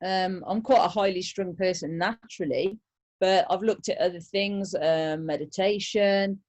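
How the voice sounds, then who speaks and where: A woman's voice: medium pitch, a little slow, a little mellow, dull audio. Hesitant woman guest in casual chat. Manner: hesitant, many fillers and restarts.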